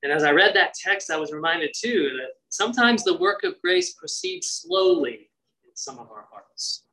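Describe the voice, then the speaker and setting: A man's voice: sits high, big pitch swings, moderate pace, bright, forceful tone, low-quality recording. A man preaching a sermon, reading scripture and acting out its voices with conversational asides. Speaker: pastor.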